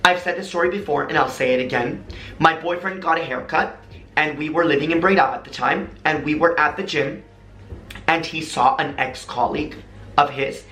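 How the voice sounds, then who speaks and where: A man's voice: a little high, normal speed, bright, forceful tone. An American man talking casually to camera, telling stories animatedly and dramatically and switching into imitated voices. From United States. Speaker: vlogger. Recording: echoey room.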